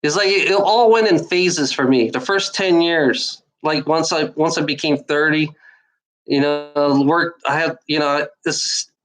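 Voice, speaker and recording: A woman in her forties, a life-advice vlogger, rambles through a casual monologue, repeating herself and swearing a lot, sounding bitter and exhausted. Her voice sits low and moves a little slowly, and the audio quality is poor.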